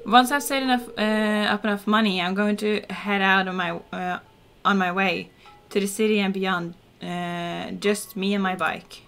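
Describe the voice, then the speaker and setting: A brooding young man who dreams of riding off alone to the city, read out by a woman who streams games. The voice is bright and clear, and the lines come out unhurried. The reading stays plain, without a put-on voice. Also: mid-range voice, fairly even intonation, a little hiss or hum. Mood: wistful.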